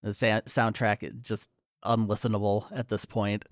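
A man's voice: on the low side, level tone, normal speed, background noise. Casual man recapping a movie. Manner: recounts scenes with fillers and restarts. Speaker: podcast co-host.

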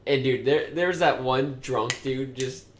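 A young man co-hosting a podcast, telling stories in an animated way with swearing and laughter. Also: medium pitch, unhurried, roomy sound. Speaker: podcast co-host. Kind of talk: casual chat.

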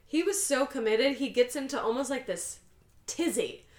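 Woman retelling a story, higher voice. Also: animated, normal speed, darkish tone, echoey room. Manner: storytelling, acting out characters' quoted lines. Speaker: podcast co-host recapping a film. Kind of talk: casual chat.

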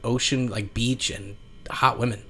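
A man's voice: mid-range voice, steady tone, a little slow, sharp tone, husky, soft background music. A man co-hosting a podcast, easygoing and swearing freely in casual chat. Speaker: podcast co-host.

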